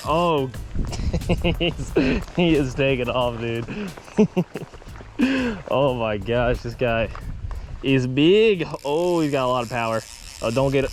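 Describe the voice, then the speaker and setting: An excitable young man talks through a fishing trip outdoors beside a small creek, laughing often and tossing in casual slang. His pitch sits in an ordinary middle range, and faint music plays underneath. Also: takes it slowly, long pauses. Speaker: fishing channel host.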